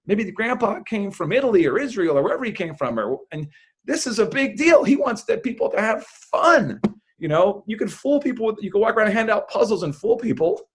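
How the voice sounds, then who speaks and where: A man, a magician, talking in a lively podcast interview, with loud bursts of enthusiasm and frequent laughter. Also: sits high, a little fast, husky. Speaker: magician guest.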